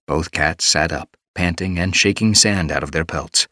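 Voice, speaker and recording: A man reading an audiobook as narrator, steady and measured. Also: low voice, no echo. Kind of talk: scripted narration. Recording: dry studio booth.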